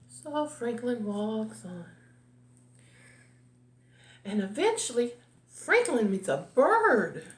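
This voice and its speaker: A woman reading a picture book aloud, slow and expressive as a storyteller. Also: on the high side. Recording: echoey room.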